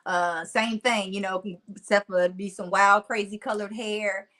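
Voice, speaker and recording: A woman in her forties with a Southern country twang, a motivational speaker telling stories in a casual interview, animated and laughing often. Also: mid-range voice, normal speed.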